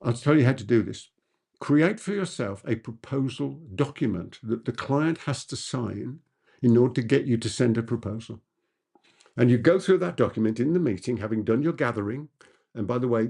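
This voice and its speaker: A man's voice: mid-range voice, expressive, normal speed, vocal fry, warm tone. A man who is a business coach, answering audience questions in an emphatic masterclass talk and repeating key points for effect.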